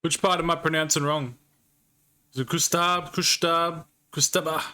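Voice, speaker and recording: A man's voice: on the high side, little pitch movement, moderate pace, pushed and bright, clean tone. A man streaming a card game live, chatting casually with viewers and swearing now and then. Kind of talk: live-stream gaming commentary.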